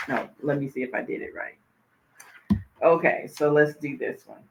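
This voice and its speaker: A woman hosting a talk show as a life coach, chatting casually and thinking aloud, then reading reflective lines in a slow, soothing cadence. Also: low voice, background noise.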